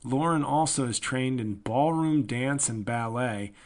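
A man in his forties hosting a solo comedy podcast, rambling and self-mocking, sometimes breaking into loud excited yelling. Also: medium pitch, unhurried. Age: 40s.

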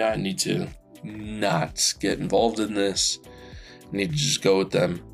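A man's voice: fairly low pitch, gravelly. A man who runs a tabletop game podcast, chatting through a recap and apologizing for his mistakes with many fillers. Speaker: podcast dungeon master. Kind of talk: casual solo recap.

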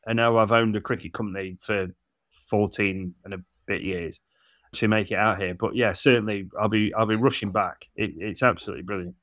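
An English man in his forties co-hosts a podcast, chatting casually, laughing, and acting out the dialogue in his stories. The clean studio recording has no echo, and his fairly low, steady, fairly bright voice moves briskly.

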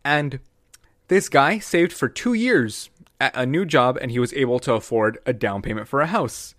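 A man's voice: medium pitch, lively intonation, moderate pace, a bit bright, no echo, studio quality. A young man chatting casually, ranting with lots of swearing and acting out quoted characters in mocking voices. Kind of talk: casual podcast chat.

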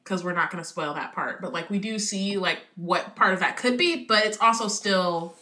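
A woman's voice: on the low side, moderate pace, sharp tone. A woman co-hosting a podcast in casual chat, talky, saying "like" a lot, with casual swearing. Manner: chatty, says "like" often, swears casually. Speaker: podcast co-host. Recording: roomy echo.

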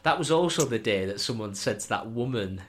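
A man's voice: on the low side, expressive, a little fast. A young man, co-hosting a podcast and telling rowdy, laughing football stories, saying "were" for "was". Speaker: podcast co-host. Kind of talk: casual chat.

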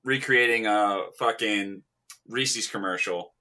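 A man's voice: fairly low pitch, takes it slowly, bright, forceful tone. A man co-hosting a casual movie podcast, blunt and casually swearing. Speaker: podcast co-host. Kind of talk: casual movie review chat.

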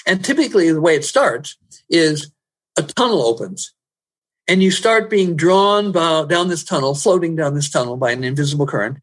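A man who works as a personal growth trainer, telling stories in an interview, animated and rising loud at the dramatic moments. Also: fairly high pitch. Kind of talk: storytelling in an interview.

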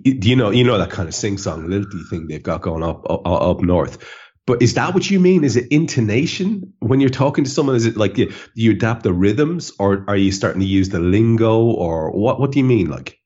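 Husky low-voiced man hosting a podcast. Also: lively intonation, a little mellow, dull audio. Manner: swears freely, chatty, quick laughs. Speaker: podcast host. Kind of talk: casual chat.

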